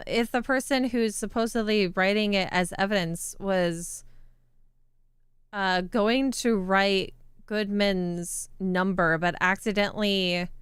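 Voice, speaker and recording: A woman streaming a game, chatty and self-deprecating, thinking out loud as she plays. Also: medium pitch, smooth, dry recording, clean studio sound. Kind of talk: casual game stream commentary. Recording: game music behind voice.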